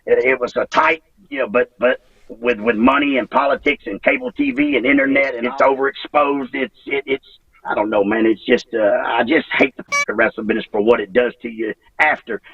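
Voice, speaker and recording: Gravelly, emotional man in his fifties. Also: medium pitch, very animated, fairly bright tone, distant mic, lo-fi sound. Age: 50s. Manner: halting, repeats words, swears freely, emotional. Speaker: retired wrestler, interview guest. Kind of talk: emotional interview over a call.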